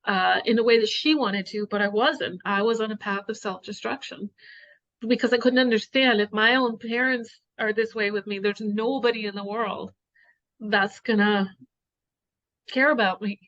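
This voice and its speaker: A woman's voice: mid-range voice, fairly even intonation, moderate pace, fairly bright tone. Heartfelt rambling middle-aged woman, lo-fi. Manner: rambling, heartfelt, full of "you know"s. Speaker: host. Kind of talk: emotional personal conversation.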